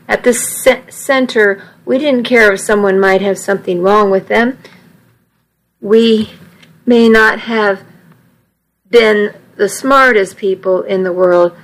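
A woman reads a first-person story aloud at a slow, careful pace. Her voice sits at an ordinary pitch. She sometimes trips on a word and restarts the phrase. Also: low-quality recording. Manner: reads with small slips and restarts. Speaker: narrator.

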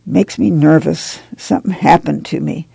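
Reader as weary stern mother, quiet, gravelly, mellow. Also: mid-range voice, moderate pace, no echo, heavily acted, rough recording. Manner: quiet, tired, firm.

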